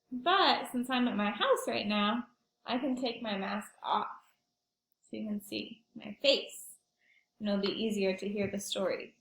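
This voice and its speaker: A woman's voice: on the high side, echoey room. Cheerful librarian woman talking to small kids. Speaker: school librarian. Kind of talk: read-aloud for young children. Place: at home.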